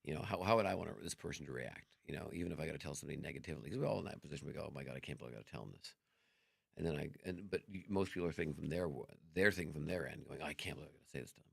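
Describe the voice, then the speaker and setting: A middle-aged man, a guest on a chat show, telling stories in a lively way, acting out both sides of conversations and swearing freely. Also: rumbling low, rapid-fire, no room sound, clean studio sound. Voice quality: gravelly. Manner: animated, acts out dialogue, swears freely. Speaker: podcast guest. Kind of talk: casual storytelling chat.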